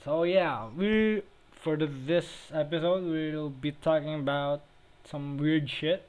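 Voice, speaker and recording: Profane young man, slightly high voice. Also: fairly even intonation, slow, a little mellow, clean tone, low-quality recording. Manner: profane, joking, self-deprecating, laughs often. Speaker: podcast co-host. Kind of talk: casual crude chat. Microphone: remote call, cutting in and out.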